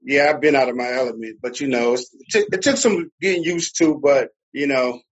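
Husky New Jersey man on a dull line. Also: mid-range voice, a little fast. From Newark, New Jersey. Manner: relaxed storyteller, fillers and laughs. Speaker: podcast guest. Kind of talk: casual conversation.

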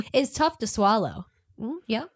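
A woman's voice: fairly high pitch, lively intonation, slow, breathy edge, dry recording. A woman co-hosting a podcast in casual chat, giggling often and fighting a cold. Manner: giggly, laughs often between lines. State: has a cold. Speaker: podcast co-host. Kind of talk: casual chat about audiobooks.

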